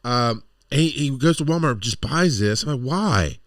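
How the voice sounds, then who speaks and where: A man's voice: medium pitch, brisk, no room sound. Dry-voiced man telling rambling stories. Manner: rambling storyteller, exasperated asides. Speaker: podcast co-host. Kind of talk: casual chat.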